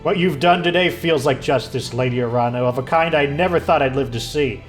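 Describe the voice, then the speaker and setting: A man reading aloud the formal, measured lines of an honorable, grieving older nobleman from a video game. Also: mid-range voice, soft background music, natural voice.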